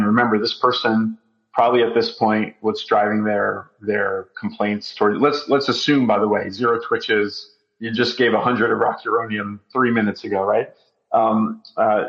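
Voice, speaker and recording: A man appears as a physician guest on a podcast, giving long explanations full of ums in a conversational interview. His voice is fairly low, and the sound is lo-fi.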